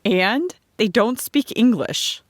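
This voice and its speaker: Woman voicing brisk teasing Sarah Jane. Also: fairly high pitch, animated, no echo, clean studio sound.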